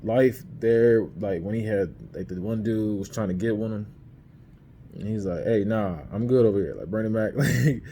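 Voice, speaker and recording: A man with a low, mellow voice talks loosely through his movie picks in slangy street talk. He laughs as he retells his favorite scenes to the camera. Behind him there is a faint hiss of background noise. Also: moderate pace. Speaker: podcast host reviewing movies. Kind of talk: casual movie ranking chat. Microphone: camera mic.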